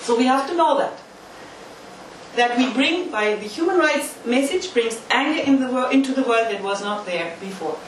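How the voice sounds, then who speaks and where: High-voiced woman lecturing in an echoey hall. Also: animated, moderate pace. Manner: emphatic, uses volunteer demonstrations. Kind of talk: interactive lecture. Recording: echoey hall from far off, faint noise.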